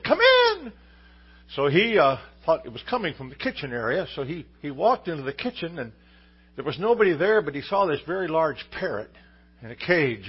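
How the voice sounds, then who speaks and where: A man's voice: mid-range voice, breathy edge, highs cut off. A man preaching a sermon, telling a story in an easygoing way, with fillers and restarts. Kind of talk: sermon with a told joke story.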